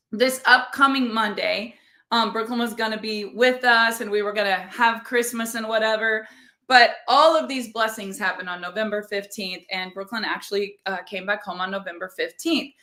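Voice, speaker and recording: Bright-voiced, emphatic motivational woman. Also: fairly high pitch. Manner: emphatic, repeats phrases for punch. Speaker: motivational podcast host. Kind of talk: motivational talk.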